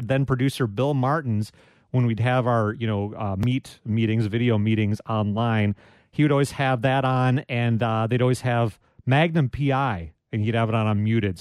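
In a radio studio, a medium-pitched man hosts a live call-in show, chatting with callers in a friendly, self-deprecating way. He speaks into a studio microphone with no echo.

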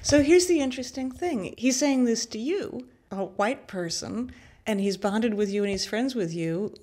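A woman hosting a broadcast interview, reading a scripted intro and asking measured questions that sum up her guest's points. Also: on the high side, expressive, warm tone, no room sound. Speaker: interviewer, host.

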